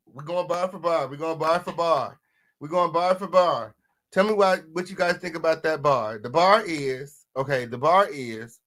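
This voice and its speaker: A man hosting a reaction commentary, sassy and animated, loud one moment and muttering the next, asking viewers to vote in the chat. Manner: animated, sassy, swings between loud outbursts and low mutters. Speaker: commentary host. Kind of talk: reaction commentary on a diss track.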